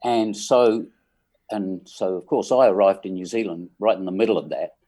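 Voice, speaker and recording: A mellow, low-sitting voice belongs to an English musician of about sixty. Guesting in a casual interview, he leisurely shares wry anecdotes peppered with ums.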